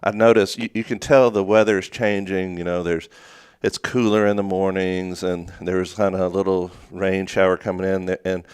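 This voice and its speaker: A man with a low, smooth voice co-hosts a casual morning show and tells a story in a rambling way, circling back and restarting. The sound is dry and close, recorded in a small studio. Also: little pitch movement, moderate pace, dry recording. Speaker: co-host.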